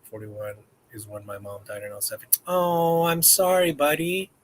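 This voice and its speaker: A man's voice: a little high, completely flat delivery, moderate pace. A man hosting a casual live-stream chat, rambling and joking with viewers. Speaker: host.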